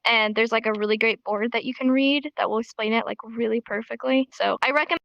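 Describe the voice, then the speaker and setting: Giggly high-voiced woman teaching class. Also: quick pace, creaky, a bit bright, dry recording, dull audio. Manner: bubbly, giggly, acts out emotions with her voice. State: tired, throat sore. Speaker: sign language teacher. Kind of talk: casual online class.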